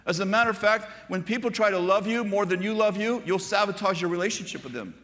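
Older preacher man, bright voice in a hall. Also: sits high, quick pace. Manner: storytelling preacher, conversational asides to the congregation. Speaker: pastor. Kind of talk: sermon.

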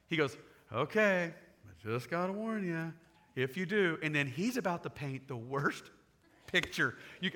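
A man preaching a sermon, retelling a scripture story in casual, animated paraphrase and acting out the characters. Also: high voice, fairly quick. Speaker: pastor.

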